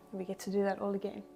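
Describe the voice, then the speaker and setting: A woman with a mid-range, gravelly, mellow voice leads a pilates class. Exercising along and a little out of breath, she counts reps and cues breathing.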